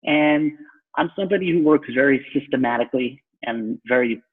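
A man's voice: mid-range voice, a little fast. A man with a New York accent, from Long Island, talking casually as a podcast guest with many loose restarts. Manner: talks in loose restarts, self-described sarcastic. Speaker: guest, real estate broker. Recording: tinny phone-like line.

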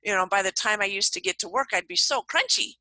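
Bright-voiced upbeat woman guest. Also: medium pitch, fast talker, no room sound, low-quality recording. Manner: upbeat, animated storytelling. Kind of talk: casual conversation.

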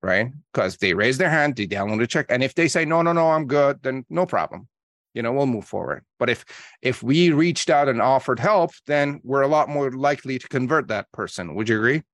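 Dry-voiced man, lively storytelling guest. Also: medium pitch, a little fast, dry recording. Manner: energetic storyteller acting out calls in quotes. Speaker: guest, marketing coach. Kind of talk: podcast interview.

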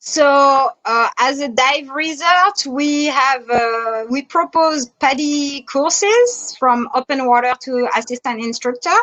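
French-accented woman, fairly high voice. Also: slow pace, few pauses, a bit bright, rough recording. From France. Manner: hesitant, many fillers. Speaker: dive instructor and resort manager. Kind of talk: online interview.

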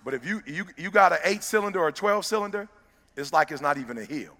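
Gravelly-voiced man giving a fiery motivational speech. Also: fairly high pitch, lively intonation, fast talker, bright, forceful tone. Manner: emphatic, preacher-like, direct address to listeners. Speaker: motivational speaker. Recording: long reverb of a large hall.

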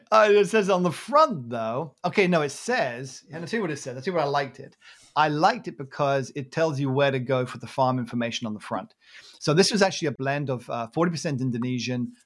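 A man in easygoing conversation who rambles, restarts and laughs at himself. His voice sits at a middle pitch with nothing unusual in its tone. He sounds like a podcast host talking over his own topic. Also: fairly bright tone. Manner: rambling, self-deprecating, laughs often. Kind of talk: casual chat.

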